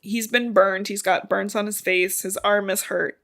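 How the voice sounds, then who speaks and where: A woman's voice: mid-range voice, steady tone, unhurried, vocal fry, fairly bright tone. A young woman podcast co-host retelling a novel's plot in casual chat, swearing freely and acting out the characters' lines. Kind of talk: casual book recap chat.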